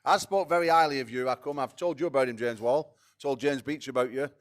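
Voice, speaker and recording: A man promoting fights at a press conference, excitable, swearing and stumbling over repeated words. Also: mid-range voice, fast talker.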